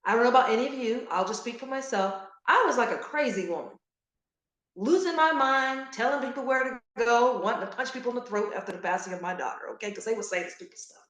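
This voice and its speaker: A middle-aged woman giving an earnest, animated motivational talk to grieving parents, repeating key phrases for emphasis. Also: a little high, quick pace, echoey room. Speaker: guest speaker on grief support.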